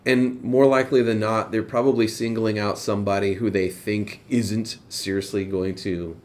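Male host, low-pitched, laid-back and agreeable, keeps the chat loose. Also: steady tone, moderate pace. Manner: easygoing, agreeable, laughs along. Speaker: podcast host. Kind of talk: casual podcast conversation.

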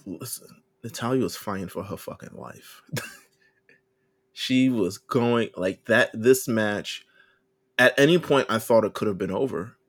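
A man's voice: on the low side, measured pace. A young man co-hosting a casual wrestling podcast, laid-back and profane. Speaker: podcast co-host.

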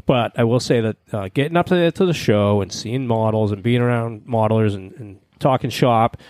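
A man hosting a casual hobby podcast, talking in a relaxed way with plenty of fillers. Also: medium pitch, brisk, no echo. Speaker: podcast host. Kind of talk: casual chat.

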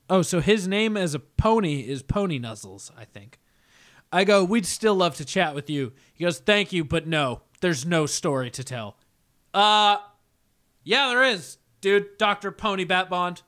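A young man co-hosting a podcast, telling a story in animated, profane casual banter and laughing often. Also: sits high, measured pace. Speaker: podcast co-host.

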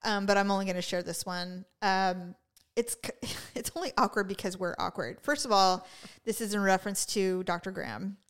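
A woman's voice: mid-range voice, normal speed, smooth. A woman co-hosting a podcast in casual chat, telling stories and acting out what other people said. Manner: chatty storyteller, acts out quotes in funny voices. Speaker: podcast co-host.

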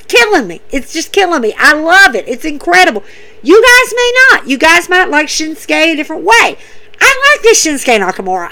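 A woman's voice: sits high, sharp tone. A woman casually recapping wrestling episodes, enthusiastic and repetitive, with many fillers.

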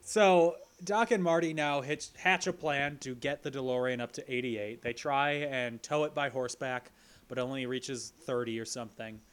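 A man's voice: mid-range voice, steady tone, moderate pace, clear, resonant tone. A man co-hosting a podcast, recapping a movie plot in casual chat with playful jokes. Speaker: podcast co-host.

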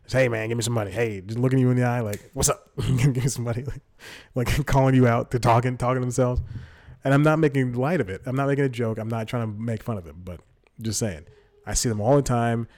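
A man's voice: mid-range voice, fairly quick, a little mellow. A young man hosting a podcast, telling casual stories on his own, rambling, correcting himself and laughing often mid-sentence. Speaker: podcast host. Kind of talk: casual solo storytelling.

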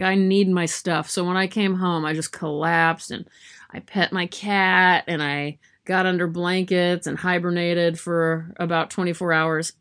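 A woman's voice: lowish voice, fairly bright tone. A woman chatting casually to camera from her yarn room at home, rambling and self-deprecating with lots of fillers. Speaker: vlogger.

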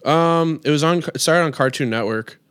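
Rambling man with a smooth, dry voice. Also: on the high side, normal speed, fairly bright tone, no echo. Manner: rambling, heavy use of "like". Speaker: podcast co-host. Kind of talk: casual chat.

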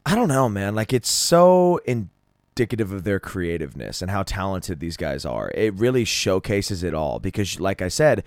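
Male solo podcaster, deep smooth voice, dry close mic, excitable and profane music fan. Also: normal speed, dry recording. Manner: enthusiastic, rambling, swears freely. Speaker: podcast host. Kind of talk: casual solo music review.

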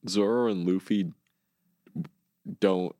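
A young man co-hosting a casual podcast chat, excitable and swearing as he retells scenes. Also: low voice, takes it slowly, no room sound. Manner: excitable, swears, acts out scenes in goofy voices. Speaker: podcast co-host. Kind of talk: casual chat about a cartoon series.

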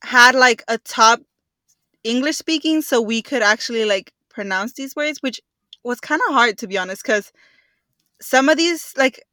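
A woman's voice: a little high, animated, moderate pace, pushed and bright, no echo, clean studio sound. A young woman, co-hosting a casual podcast chat in an easygoing, chatty way. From Texas. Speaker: podcast co-host.

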